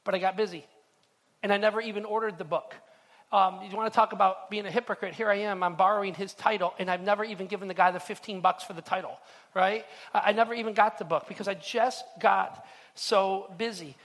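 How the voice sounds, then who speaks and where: Middle-aged pastor guy preaching, high voice, stammers and restarts a lot, long echo from the hall. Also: steady tone, a little fast, a bit bright. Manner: storytelling, earnest, frequent stammered restarts. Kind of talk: sermon. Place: church hall.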